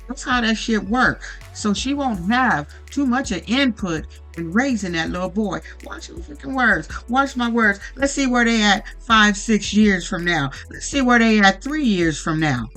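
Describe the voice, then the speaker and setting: A reality-TV recap host rants in a blunt, profane, fired-up way, with a bright, forceful voice. Faint music plays softly underneath. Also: mid-range voice, rough recording. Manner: blunt, profane, animated ranting. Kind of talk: casual profane commentary.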